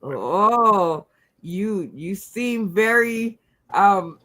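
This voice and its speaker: A woman's voice: medium pitch, lively intonation, a bit bright. A woman hosting a comedy game show, speaking with many fillers and light giggles. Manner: slow, giggly, filler-heavy.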